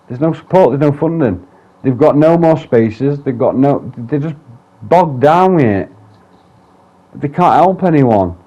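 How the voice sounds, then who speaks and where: In a dull, lo-fi personal vlog, a man with a mellow, mid-range voice talks openly. His speech wanders, his sentences keep restarting, and the swearing comes often.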